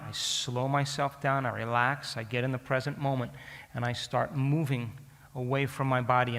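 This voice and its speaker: A man giving a storytelling lecture to an audience, speaking in an animated way and often asking the listeners questions. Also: mid-range voice, long reverb tail.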